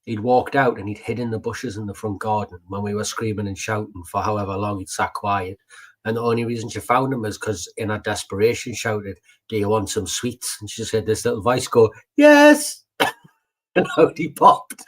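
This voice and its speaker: Chatty man, low voice. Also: steady tone, a little fast. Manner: chatty, swears, tells stories with many fillers. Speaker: podcast co-host. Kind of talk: casual chat.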